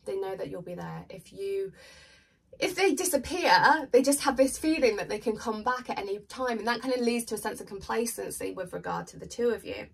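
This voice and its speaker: Husky chatty woman with a Stoke accent. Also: fairly high pitch, expressive, brisk, far from the mic. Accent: Stoke-on-Trent English. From England. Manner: chatty, reassuring, drops into soft asides. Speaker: tarot reader. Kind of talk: tarot reading to camera.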